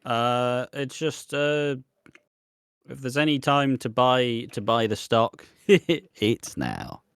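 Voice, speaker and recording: A man's voice: mid-range voice, animated, takes it slowly, a bit bright, clear, resonant tone, no echo, clean studio sound. A man co-hosting a podcast in casual chat, laid-back and casually swearing. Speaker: podcast co-host.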